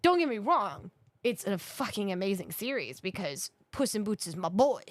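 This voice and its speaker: A woman's voice: medium pitch, big pitch swings, normal speed, no echo. Woman in her 30s chatting on a podcast, swears a lot, dry close mic sound. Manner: blunt, swears freely, laughs mid-sentence. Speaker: podcast co-host. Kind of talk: casual chat.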